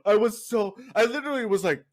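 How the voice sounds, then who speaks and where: Laughing, swearing young podcast host. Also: male voice, high-pitched, expressive, quick pace, darkish tone. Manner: laughing storyteller, swearing freely. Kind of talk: casual chat.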